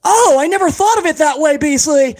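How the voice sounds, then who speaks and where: A man's voice: very high-pitched, expressive, a little fast, darkish tone. A man putting on a comedic impression of a whining, pleading male wrestling executive who plays the victim. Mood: whiny. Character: whiny, self-pitying male wrestling executive.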